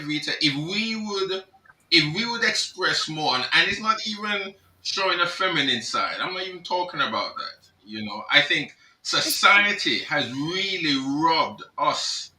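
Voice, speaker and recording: A middle-aged man, a reverend, speaking as a panellist on a video call, reflective and halting. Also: a little high, lively intonation, bright, forceful tone. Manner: reflective, halting, with restarts and a chuckle. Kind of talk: panel discussion. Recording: roomy, distant from the mic.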